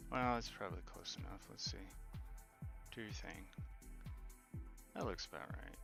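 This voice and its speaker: A low, gravelly man with a bright, edgy tone talks his way through a coding session, slow and unhurried. He thinks aloud, mutters half-sentences and trades jokes with his live viewers, with faint music under him. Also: animated. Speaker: game developer streaming his work. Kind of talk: casual live coding commentary, chatting with viewers.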